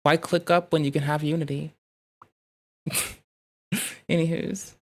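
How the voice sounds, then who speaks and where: The streamer's live reaction commentary wanders from tangent to tangent, loose and profane, as he thinks aloud in riffs. Captured close on a desk mic in his home setup, his mid-pitched voice barely moves and keeps a measured pace.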